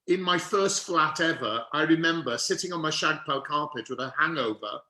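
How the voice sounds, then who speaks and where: A middle-aged man from Wales telling a lively, theatrical story as an interview guest, with quick asides. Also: fairly high pitch. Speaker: guest actor. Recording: roomy echo.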